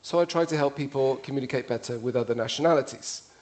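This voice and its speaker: A man's voice: mid-range voice, fast talker, a little mellow. A man with an English accent giving a witty, conversational public talk to an audience. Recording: played from a video.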